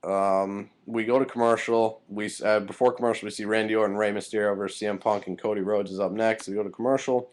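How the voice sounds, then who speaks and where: A man's voice: fairly low pitch, fairly even intonation, fast talker, hardly any pauses, darkish tone. A young man giving a casual, heated recap of a wrestling show, angry and swearing freely.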